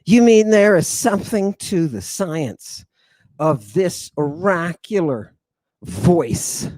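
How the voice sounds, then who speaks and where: A middle-aged man hosting a lecture for an online audience, theatrical and sighing, swinging from booming declarations to muttered asides. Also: expressive, slow, a little mellow, no room sound. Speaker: host.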